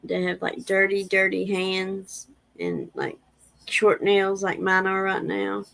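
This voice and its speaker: A woman's voice: mid-range voice, expressive, slow, vocal fry, fairly bright tone, rough recording. A woman, rambling in a casual livestream chat and reading viewer comments aloud. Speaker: livestream host.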